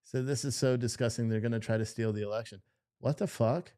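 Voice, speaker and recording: A man talking to his viewers on a live stream, with a voice pitched in the usual middle range for a man. He reads posts aloud and reacts to them, and his commentary is casual, profane and mocking. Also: fairly even intonation, brisk, dark tone, clear, resonant tone. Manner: chats with viewers in the chat.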